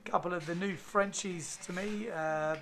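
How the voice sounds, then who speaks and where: A man's voice: sits high, moderate pace. Chatty man commentating a race. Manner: relaxed, chatty, reads out results with fillers. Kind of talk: live sports commentary.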